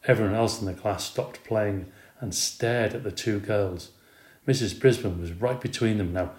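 A man narrating a children's storybook with expressive, animated reading. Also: fairly low pitch, normal speed. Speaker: reader. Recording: roomy recording.

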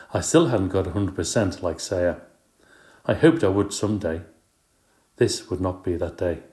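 Man reading a storybook, mellow and low. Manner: wry, playful first-person telling. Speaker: audiobook reader. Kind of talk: storybook narration. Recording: roomy echo.

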